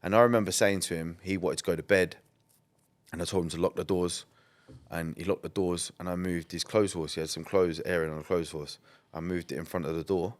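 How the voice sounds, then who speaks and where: A very low-pitched man tells his story as a podcast guest. He talks in a loose, rambling way, peppered with "like", "um" and the odd swear. His delivery is candid and conversational. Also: fairly even intonation, fairly quick. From England. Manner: rambling, many "like" and "um" fillers, blunt and swearing.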